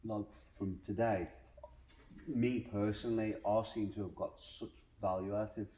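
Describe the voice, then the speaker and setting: A man's voice: on the low side, steady tone, a little slow, mellow. A male co-host with a Black Country accent, asking questions and sounding appreciative. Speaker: podcast co-host. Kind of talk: casual podcast chat. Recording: roomy echo, distant mic.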